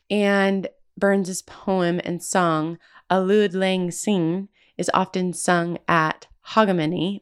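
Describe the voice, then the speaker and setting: Woman narrating local history off a script, lowish voice with some gravel in it, smooth and clear. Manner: reads from a script with quotes and asides. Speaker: podcast host.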